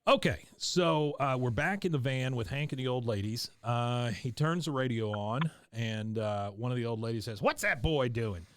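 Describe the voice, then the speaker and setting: A man's voice: medium pitch, moderate pace, few pauses, smooth, no room sound. Rambling man recapping a cartoon episode. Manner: rambling, many filler sounds, chuckles often. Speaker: podcast host.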